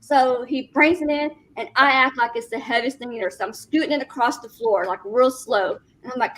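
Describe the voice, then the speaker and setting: A woman with a high voice tells a story among friends in a relaxed, chatty way. She plays out what everyone said with a lot of life in her voice. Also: a little fast, poor audio. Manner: animated, acts out quoted dialogue, laughing. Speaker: wife telling a family story.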